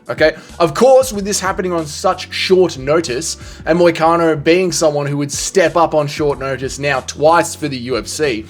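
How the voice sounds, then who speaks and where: Opinionated sports vlog guy, swears a lot, higher voice, faint music behind. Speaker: commentary vlogger. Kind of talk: casual sports commentary.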